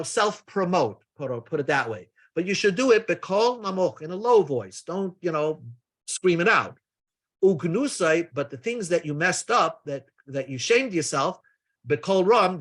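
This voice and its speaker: A man teaches a daily Talmud lesson in a fairly high, somewhat bright voice. He explains step by step, tossing in casual asides and freely mixing Hebrew and Aramaic terms.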